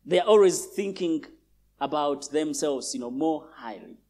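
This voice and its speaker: Emphatic high-voiced pastor from Uganda. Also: male voice, animated, normal speed, dark tone. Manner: emphatic, rising on key phrases, repeats for stress. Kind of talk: sermon. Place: large church.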